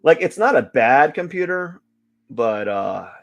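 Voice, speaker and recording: A man's voice: mid-range voice, big pitch swings, unhurried, gravelly, soft background music. A man live-streaming his drawing session, chatting casually in a rambling, joking way. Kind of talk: casual chat while drawing.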